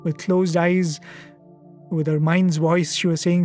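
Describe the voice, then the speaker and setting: A man with a somewhat raised pitch tells a devotional story at a satsang, earnest and reflective. He pauses often and leans on small fillers as he goes. Faint music sits far behind his studio-recorded voice. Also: flat delivery, a little mellow. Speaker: satsang speaker. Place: media centre studio.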